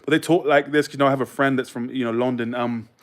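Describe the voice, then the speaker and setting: A man's voice: mid-range voice, steady tone, quick pace. An American man hosting a livestream in a casual chat, rambling through anecdotes with lots of fillers. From United States. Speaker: livestream host.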